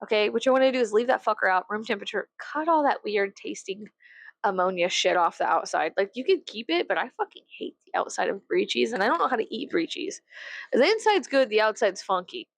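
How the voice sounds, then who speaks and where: A woman's voice: medium pitch, expressive, a little fast, gravelly, no room sound. A woman vlogging in a casual rant, swearing freely, giggling and rambling.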